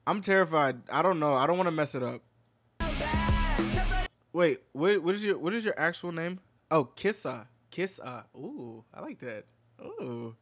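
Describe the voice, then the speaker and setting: Male streamer, bright lively voice, unhurried, laughs and swears a lot while reacting to clips. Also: on the high side, faint music behind. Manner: excitable, laughs often, swears freely; fumbles names and apologizes. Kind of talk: casual reaction commentary.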